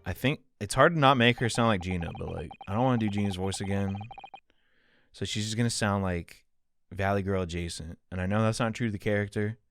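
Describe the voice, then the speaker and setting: A man's voice: on the low side, fairly quick, fairly bright tone, dry recording, soft background music. A man hosting a game playthrough, reading the characters aloud and making joking, self-mocking asides. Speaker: let's play host. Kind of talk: voicing characters while playing a game.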